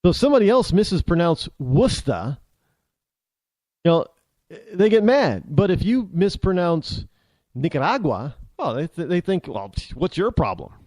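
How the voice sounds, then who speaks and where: Rambling American man with a lively voice. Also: sits high, dry recording, clean studio sound. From United States. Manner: rambling, halting, with many restarts. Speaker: talk show host. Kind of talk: opinionated monologue.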